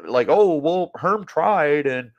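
A man mimicking a self-important male former football coach in a whiny, drawn-out mocking tone. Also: fairly high pitch, expressive, dull audio.

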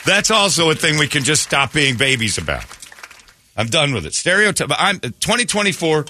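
A man's voice: fairly high pitch, sing-song, normal speed, sharp tone, slight background noise. A man hosting a morning radio show, bantering in a brash, joking way. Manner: brash, joking, slips into mock voices.

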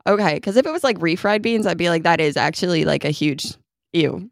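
A woman's voice: fairly low pitch, gravelly, dry recording, clean studio sound. A woman co-hosting a podcast, reacting playfully and sharing her own parenting views in casual chat. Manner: quick reactions, playful questions. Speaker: podcast co-host.

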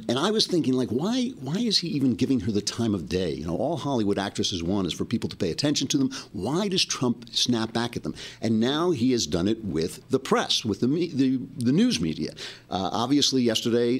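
A man's voice: medium pitch, sing-song, fairly quick. A man hosting a commentary show, thinking aloud in a casual, musing way. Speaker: podcast host.

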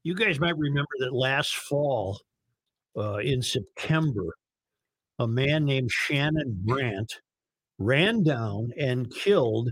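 A man's voice: medium pitch, animated, slow pace, slightly rough, no echo, poor audio. A man hosting a talk radio show, reading news and this-day-in-history items in a casual, conversational way. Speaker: radio host.

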